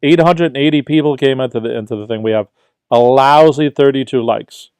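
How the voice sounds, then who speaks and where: A middle-aged man from Brooklyn with a New York accent hosts a casual livestream as a tutor. He reads viewer questions aloud and answers them in an easygoing, chatty way. His voice is smooth and clear, mid-pitched, and recorded dry and close. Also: fairly quick, a little mellow, no room sound.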